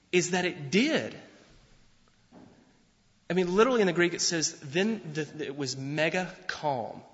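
A pastor giving a sermon in an animated, conversational way, often restarting his sentences. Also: a little high. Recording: dull sound with long hall reverb.

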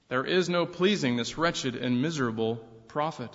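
A man preaching a sermon from the pulpit, building to forceful, louder emphasis on his key points and easing back down between them. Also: a little high, normal speed. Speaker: pastor. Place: church sanctuary. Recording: long reverb, dull lo-fi sound.

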